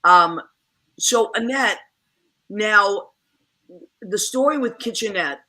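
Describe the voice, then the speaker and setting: A woman hosting a casual chat show, talking in a chatty, animated way. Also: mid-range voice, slow. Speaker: host.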